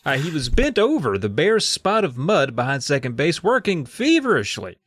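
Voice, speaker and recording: Man, comedy podcast co-host, playful, sweary asides, animated pitch, dry close sound. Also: moderate pace, breathy edge, dry recording. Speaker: podcast co-host reading a kids' book. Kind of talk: comedic book recap and reading.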